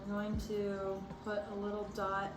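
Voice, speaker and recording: A young woman chatting casually while doing a craft project, bubbly and excitable, gasping and squealing as she goes. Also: medium pitch, unhurried. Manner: vocal tics. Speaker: crafting vlogger. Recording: echoey room with faint background noise.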